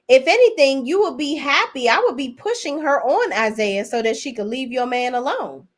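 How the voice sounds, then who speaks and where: A woman's voice: a little high, big pitch swings, unhurried, few pauses. A woman giving a casual, blunt and profane recap of TV episodes, chatting straight to her viewers. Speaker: TV show reviewer.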